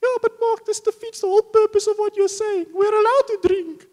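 A man voicing a protesting churchgoing auntie in a high, whiny voice. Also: fairly even intonation, brisk, darkish tone, big-room sound. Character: objecting churchgoing auntie, a middle-aged woman.

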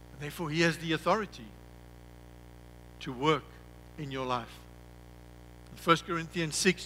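A man preaching a sermon as pastor, who slows down and drops his voice on key words and repeats himself when telling a story. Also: a little high, sharp tone, slight background noise, rough recording.

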